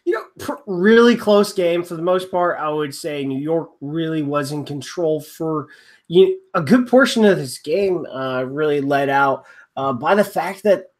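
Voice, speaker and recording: A man's voice: a little high, animated, unhurried. A man co-hosting a rugby podcast, casual and rambling, joking with plenty of fillers and restarts. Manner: wry, joking. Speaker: podcast co-host.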